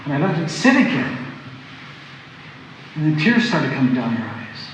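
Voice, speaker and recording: A man presenting a workshop, telling a personal story in a halting, reflective way with many restarts. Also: fairly high pitch, sing-song, a little hiss or hum. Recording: echoey hall, voice from a distance.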